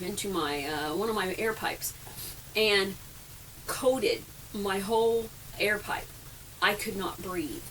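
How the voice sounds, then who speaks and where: A woman's voice: medium pitch, fairly bright tone. A middle-aged woman telling rambling, self-deprecating camping stories in a casual vlog, laughing often, recorded inside a camper. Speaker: vlogger. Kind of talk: casual storytelling. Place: camper trailer. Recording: distant mic with faint background noise.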